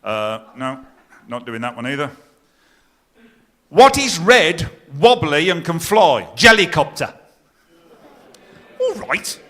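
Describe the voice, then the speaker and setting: A middle-aged man compering on stage, his voice pitched high and ringing bright and forceful. He tells jokes with deadpan punchlines and teases the crowd in front of him. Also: slow, pauses often. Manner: teasing the audience, deadpan punchlines. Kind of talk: live stage compering with joke telling. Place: stage in a pier theatre before a live audience.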